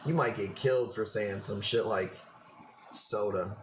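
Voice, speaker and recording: There's a noisy background behind this man, who hosts a live coral sale with a Chicago accent. His voice is lowish and his pace moderate as he chats in a loose, rambling, heavily profane way.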